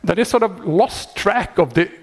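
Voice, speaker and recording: Husky, wry software maintainer man. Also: high voice, normal speed. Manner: wry and animated, laughing often, many restarts. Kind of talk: casual explanatory talk.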